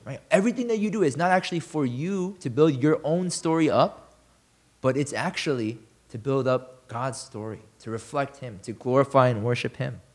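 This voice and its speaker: A man's voice: medium pitch, moderate pace, darkish tone. Man, pastor, sermon, conversational, asks listeners questions.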